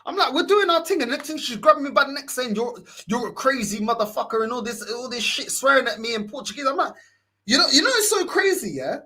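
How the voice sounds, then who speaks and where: A man's voice: very high voice, fast talker. A young man with a London accent hosting a casual chat, telling a story and acting out the quotes. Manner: animated, acts out quotes in shifting voices, laughs often. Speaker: podcast host.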